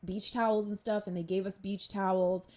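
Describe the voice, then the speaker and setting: A woman hosting a podcast, telling a personal story in a chatty, animated way and calling her listeners y'all. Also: mid-range voice, moderate pace. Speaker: podcast host.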